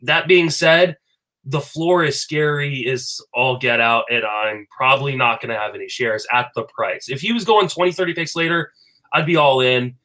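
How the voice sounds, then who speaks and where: A man talking fantasy baseball in a casual chat, animated and full of fillers and restarts. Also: medium pitch. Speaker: fantasy baseball podcast panelist.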